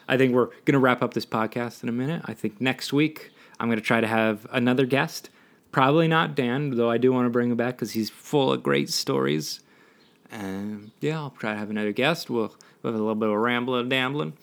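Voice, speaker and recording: Rambling, self-mocking podcast host man. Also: medium pitch. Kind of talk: solo rambling podcast talk.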